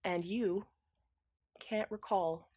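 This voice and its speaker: Give me a woman game master with a husky voice narrating a tabletop game. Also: mid-range voice, fairly even intonation, extremely slow, darkish tone.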